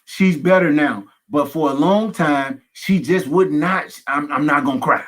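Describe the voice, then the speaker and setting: A pastor speaking candidly as a guest, emphatic, with folksy humorous asides and runs of repeated phrases. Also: male voice, a little high, a little slow, fairly bright tone. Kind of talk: candid conversational testimony.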